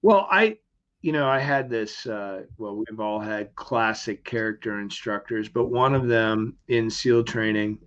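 A man's voice: mid-range voice, slow, smooth. Upbeat middle-aged man, muffled audio. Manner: upbeat and motivational, acts out quoted voices. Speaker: guest. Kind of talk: conversational interview.

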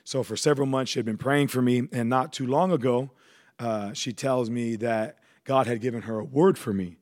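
A man's voice: medium pitch, normal speed. Man telling his story in a casual way. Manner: relaxed, conversational, with frequent fillers. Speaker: guest sharing his testimony.

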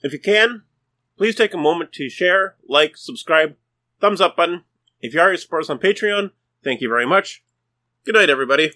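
A man's voice: on the high side, animated, fairly quick, bright, forceful tone. A man co-hosting a podcast, explaining things in casual chat. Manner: explanatory, informative. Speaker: podcast co-host.

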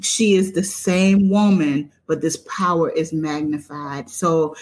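A woman's voice: deep voice, fairly even intonation, slow, hardly any pauses, darkish tone. Casting: woman podcast host, fervent and repetitive like a sermon. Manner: preacherly, repetitive, emotional. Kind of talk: enthusiastic podcast introduction.

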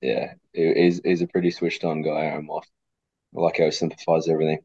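A man, a coach speaking as a podcast guest, thoughtful and pausing to repeat words, with a cough. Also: a bass voice, flat delivery, dark tone, no echo, highs cut off. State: coughing fit. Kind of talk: casual interview chat.

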